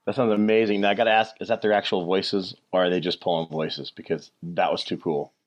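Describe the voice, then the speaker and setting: A man co-hosting a podcast in casual chat, reacting quickly and with enthusiasm. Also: sits low, flat delivery. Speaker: guest co-host.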